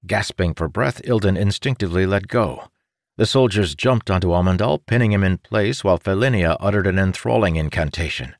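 Low-voiced man reading dramatic fantasy. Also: fairly quick, no echo, studio quality. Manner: dramatic reading, voicing characters' shouts. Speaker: audiobook narrator. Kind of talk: scripted fantasy narration.

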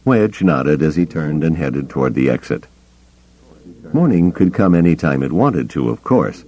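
Very deep-voiced male narrator. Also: normal speed, muffled recording. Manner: expressive storytelling. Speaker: audiobook narrator. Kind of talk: scripted narration.

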